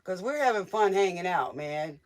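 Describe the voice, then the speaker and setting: With a high voice, lively intonation and normal speed, a man reads tarot in a relaxed live stream, responding to viewer questions with plenty of teasing, jokes and laughter.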